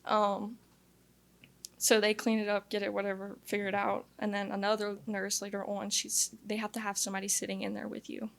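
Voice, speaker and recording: A young woman from Louisiana gives her testimony as an interview guest, speaking candidly, earnestly and fairly quickly. Her voice carries a steady gravelly fry and stays flat in pitch, and she peppers her story with "like."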